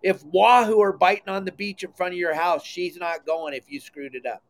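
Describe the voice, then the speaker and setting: A man's voice: high voice, fairly even intonation, moderate pace. Enthusiastic middle-aged man hosting a podcast. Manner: enthusiastic, emphatic storyteller. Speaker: podcast host. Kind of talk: casual podcast chat.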